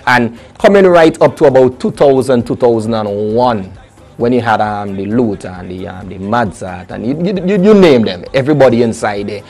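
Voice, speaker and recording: A young adult man, a soca artist chatting lively and casually in an interview. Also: medium pitch, moderate pace. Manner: lively, chatty, full of restarts and local phrasing.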